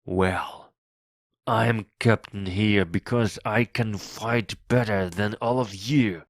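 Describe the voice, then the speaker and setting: Hear a fierce, cunning old pirate captain, put on by a male reader in a storybook reading, commanding and threatening, his slow words thrown out loud. The voice sits a touch low and close, in a dry, dead recording with no room around it. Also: steady tone, no echo. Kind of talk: read-aloud audiobook acting.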